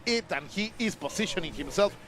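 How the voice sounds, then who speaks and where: A man commentating a fighting-game match, from Mexico, giving excited play-by-play and relaxed banter. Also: sits high, brisk. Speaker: esports commentator.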